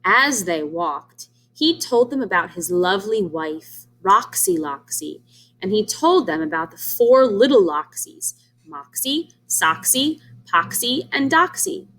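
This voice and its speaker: Woman, teacher reading aloud, children's storybook, explains words, asks the kids questions, lively expressive pitch. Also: takes it slowly. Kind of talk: children's read-aloud lesson.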